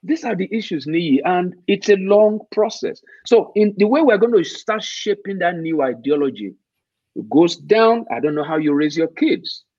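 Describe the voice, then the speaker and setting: Speaking at normal speed with lively intonation, a Nigerian man has a high, slightly mellow voice. He's an emphatic guest in a conversational interview who asks rhetorical questions, captured in a dull, muffled, dry recording with no room sound.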